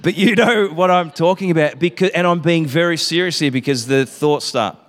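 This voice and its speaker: A man's voice: a little high, normal speed, in a large hall. A man, preaching a casual sermon to a congregation, chatty and self-interrupting, laughing often.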